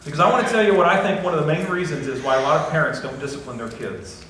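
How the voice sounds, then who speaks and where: Captured from a distance in an echoey sanctuary with slight background noise, this middle-aged male pastor speaks a little high and quickly, his tone fairly bright. His sermon is conversational, sprinkled with folksy jokes at his own expense.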